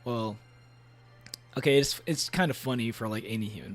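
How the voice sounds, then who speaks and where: A man's voice: mid-range voice, animated, a little fast. A man streaming casually, reading aloud and reacting with playful, rambling jokes in character as a demon, full of fillers and restarts. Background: faint background music.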